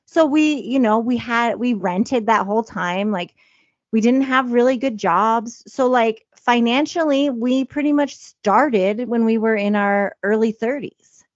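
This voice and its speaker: A woman in her thirties tells her story in a relaxed, heartfelt podcast chat, leaning on fillers as she goes. Her voice sits a little high. The recording is dry and a bit muffled. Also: a little slow, dry recording. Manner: emotional, confessional, many fillers like "you know". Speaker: podcast co-host.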